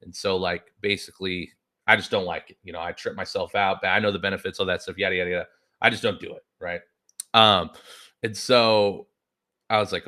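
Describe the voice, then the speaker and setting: Brief: deep-voiced male podcast host, bright forceful tone, profane rambling storyteller. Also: little pitch movement, brisk. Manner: profane, rambling, lots of filler words. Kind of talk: casual storytelling chat.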